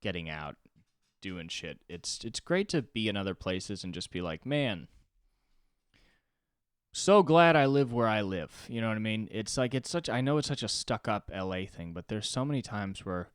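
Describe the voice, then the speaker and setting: A young man with a very low, smooth voice hosts his own comedy podcast alone. He rambles and swears, jumping from loud outbursts to low mumbles, and the recording is close and dry. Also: moderate pace, no echo. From Los Angeles. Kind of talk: solo podcast monologue.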